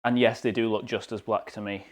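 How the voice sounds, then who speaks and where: Low-voiced British man chatting while baking. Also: little pitch movement, a little fast. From United Kingdom. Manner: chatty, joking, self-deprecating. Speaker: streamer. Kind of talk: casual live-stream baking chat. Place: home kitchen.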